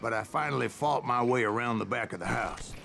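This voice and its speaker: A man's voice: medium pitch, a little fast, gravelly. An actor narrating a video game as a weathered old bounty hunter, telling his tale in a dry, wry way. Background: game music.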